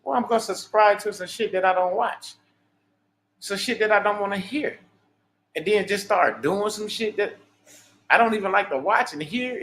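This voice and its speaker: High-voiced profane man ranting on a livestream. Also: fairly bright tone. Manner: profane, preachy, boastful. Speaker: livestream host. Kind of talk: unscripted livestream monologue.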